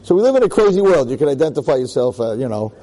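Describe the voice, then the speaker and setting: A man's voice: medium pitch, racing, rough recording. A middle-aged man, a rabbi telling stories in a Torah talk to a class of girls, acting out the voices. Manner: animated, acts out voices in stories.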